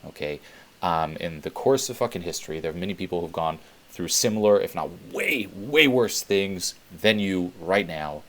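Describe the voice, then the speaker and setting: Man, very deep voice, casual self-help vlog, rambling, filler-heavy, swears bluntly. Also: expressive, moderate pace. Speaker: self-help video host.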